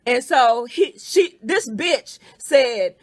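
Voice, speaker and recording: A woman rants through a story on a phone call, her pitch leaping up and down as she acts out each person. Her voice sits a little high and sounds dry and close, with no room around it. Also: extremely slow, dry recording. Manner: animated, profane storytelling that acts out other people's words. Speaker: podcast host. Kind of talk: casual venting on a phone call.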